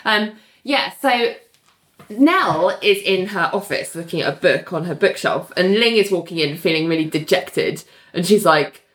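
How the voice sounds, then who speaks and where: A woman's voice: fairly low pitch, lively intonation, moderate pace. A woman co-hosting a casual podcast, animatedly retelling scenes and quoting the characters. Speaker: podcast co-host. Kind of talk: casual chat recapping a TV episode.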